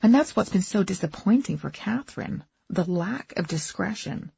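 A woman's voice: mid-range voice, lively intonation, normal speed, creaky, dark tone, slightly rough, no echo, heavily acted. A woman voicing a snobbish middle-aged woman who gossips in a prim, disapproving way, on a dull, muffled recording.

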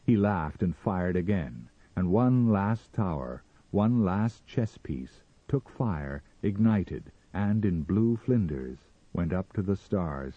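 A man narrating a story in a measured, expressive dramatic reading, on a slightly muffled recording. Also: deep voice, slightly rough, dry recording.

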